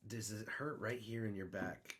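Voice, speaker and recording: A young man co-hosting a casual podcast, rambling through joking stories and quiz questions. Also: normal speed. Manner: rambling, joking storyteller with lively swings in pitch. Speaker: podcast co-host. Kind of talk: casual chat.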